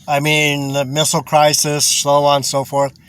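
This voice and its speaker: A man's voice: a little high, monotone, normal speed, a bit bright, clear, resonant tone. A man giving rambling religious commentary, chuckling often, repeating himself and swearing.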